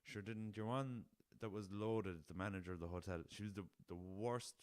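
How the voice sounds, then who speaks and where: A young man with a west of Ireland accent hosts his own podcast, spinning loose, rambling stories full of swearing and chuckles. His voice sits very low and comes across smooth and resonant. The recording is dry and close, with no room sound. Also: normal speed, no room sound. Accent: Irish, west of Ireland. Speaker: podcast host. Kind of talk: casual storytelling.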